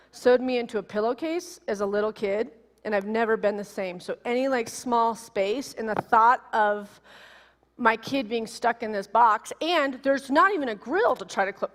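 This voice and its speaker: Woman preaching in a reverberant hall. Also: on the high side. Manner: animated, emotional storytelling with acted quotes. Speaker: minister. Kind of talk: sermon with personal storytelling. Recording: long reverb of a large hall.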